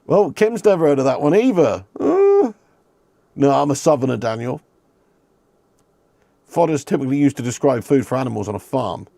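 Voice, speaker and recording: A man's voice: medium pitch, very animated, normal speed, vocal fry, long pauses, dark tone, no room sound. A man hosting a live football watch-along, chatting with viewers, swearing and laughing as he reads their messages. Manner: banters with chat, swears, laughs often. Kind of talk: casual live-stream chat.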